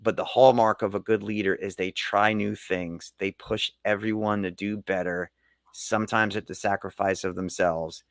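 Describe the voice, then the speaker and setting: Middle-aged male coach, low voice, earnest motivational delivery, dry close sound. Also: steady tone, normal speed, no room sound. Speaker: leadership coach and keynote speaker. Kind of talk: podcast interview.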